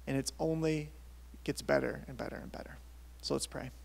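A man in his thirties preaches to his congregation in a light, somewhat high tenor with a gravelly edge. His delivery is casual and conversational, full of restarts as he works through his points. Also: level tone, moderate pace. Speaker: pastor. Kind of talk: sermon. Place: church service.

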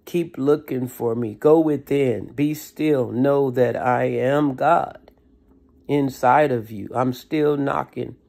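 A speaker voicing God within, speaking slowly and softly with patient pleading. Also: medium pitch, vocal fry, pitched below the performer's own voice. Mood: gentle pleading.

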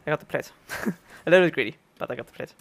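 Gamer with a gravelly voice. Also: male voice, a little high, racing, fairly bright tone. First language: German. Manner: casual, gamer slang, bursts of laughter. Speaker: streamer. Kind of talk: gameplay commentary.

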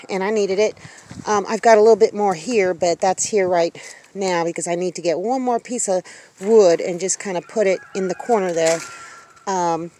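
A woman's voice: medium pitch, slight background noise. Chatty homestead woman outdoors. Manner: chatty and rambling, often talks to her animals. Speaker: homestead vlogger. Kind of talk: casual vlog chat.

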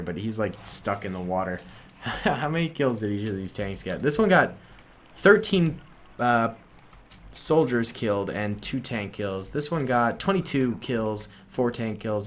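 Excitable man commentating a game. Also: lowish voice, moderate pace, slight background noise. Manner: excitable, chatty, laughs often. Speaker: gaming YouTuber. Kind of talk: casual gameplay commentary.

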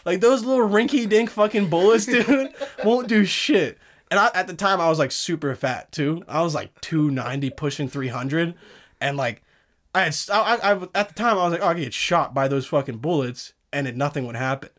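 A young man hosting a podcast, telling stories in a loose, animated way, swearing and laughing often. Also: fairly high pitch, brisk. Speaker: podcast host. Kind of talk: casual chat.

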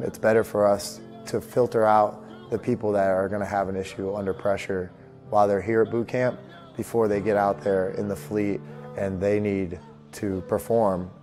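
Brief: male instructor, low monotone, matter-of-fact, music underneath. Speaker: boot camp staff member. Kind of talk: documentary interview.

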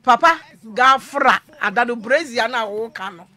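A woman hosting a radio talk show, excitable, often exclaiming and repeating her phrases. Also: a little high, moderate pace. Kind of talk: lively panel chat on a listener's family problem.

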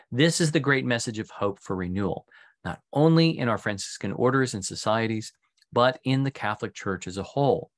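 A man speaking as a Franciscan priest in a recorded retreat talk. His delivery has an earnest preaching rhythm and builds long strings of phrases. He pauses often and fills the gaps with "uh". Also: medium pitch. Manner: pauses with frequent "uh" fillers.

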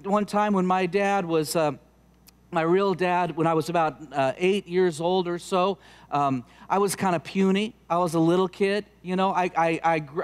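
A middle-aged pastor delivers a Sunday sermon in a bright, high-pitched voice. He speaks earnestly, exhorting his listeners and slowing down whenever he wants a point to land. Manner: earnest, exhorting, slows down for emphasis.

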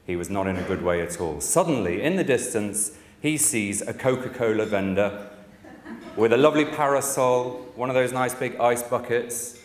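A man's voice: mid-range voice, expressive, normal speed, a little hiss or hum. A man giving a conference talk about a cancer support service, opening with a humorous story, then reflecting with frequent fillers. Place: conference hall. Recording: echoey conference hall.

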